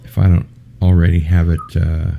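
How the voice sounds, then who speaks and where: A man's voice: low voice, completely flat delivery, normal speed, creaky, muffled recording, a little hiss or hum. A man hosting an online trivia game, chatty and joking, laughing often as he reads out the rules and questions. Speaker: host of a trivia game show.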